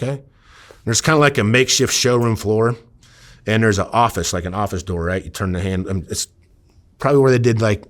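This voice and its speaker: Middle-aged man, low voice, vivid storyteller who acts out the quotes. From Iowa. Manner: vivid, dramatic retelling with acted-out quotes. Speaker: former undercover officer. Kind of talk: storytelling interview.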